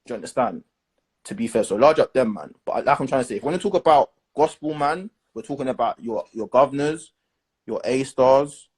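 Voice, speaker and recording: A young man talks bluntly in a relaxed chat, his voice husky and a little breathy. He pushes his opinions hard and keeps checking that the listener is with him. His pitch sits at a middle level for a man. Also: a little fast. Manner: blunt, animated, leans on slang and "do you understand".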